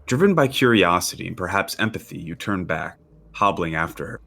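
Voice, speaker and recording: Deep-voiced man running a tabletop game. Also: gravelly. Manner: relaxed, halting, many fillers. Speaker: game master.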